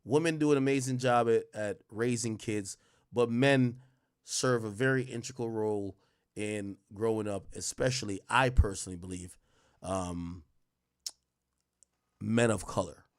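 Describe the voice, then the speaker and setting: A man hosting a livestream, reacting to a clip in an animated, slangy, profane way and thinking out loud. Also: fairly low pitch, unhurried, smooth. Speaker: livestream commentary host. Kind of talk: live-stream reaction commentary.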